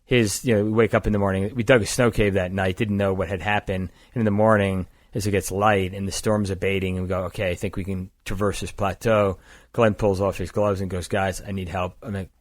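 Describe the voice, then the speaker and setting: An older man from the East Coast of the United States tells his story in a steady, matter-of-fact way, his voice sitting low. He is recorded up close and dry, with no room sound, as a guest at a podcast table. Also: brisk, no room sound. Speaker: guest, climbing gear company founder. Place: indoors across a table.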